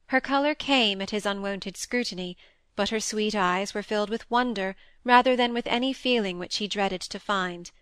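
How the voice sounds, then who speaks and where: A woman's voice: medium pitch, fairly bright tone, clear, resonant tone, dry recording. Woman reading a classic novel, dry sound. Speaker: audiobook narrator.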